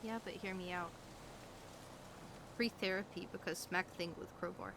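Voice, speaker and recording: A woman's voice: on the low side, fairly even intonation, moderate pace, noisy background. A tired woman chatting in character during a roleplay stream, wry and blunt, swearing casually. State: tired late at night.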